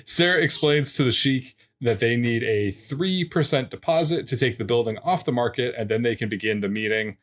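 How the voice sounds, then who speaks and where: Man recapping at an even pace. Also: mid-range voice, moderate pace, hardly any pauses. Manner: steady narrating recap with dry asides. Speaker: podcast co-host. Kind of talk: casual recap of a TV episode.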